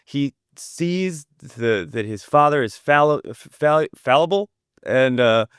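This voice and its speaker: A man's voice: medium pitch, expressive, unhurried, clean tone, dry recording, studio quality. A man co-hosting a podcast, talking enthusiastically about a film in a rambling way with restarts. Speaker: podcast co-host. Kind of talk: casual film review chat.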